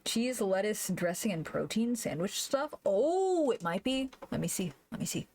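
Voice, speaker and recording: A woman streamer chatting casually while she draws, thinking aloud, humming to herself and laughing softly, into a desk microphone. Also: medium pitch, very animated, moderate pace, slight background noise. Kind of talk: casual live-stream chat while drawing.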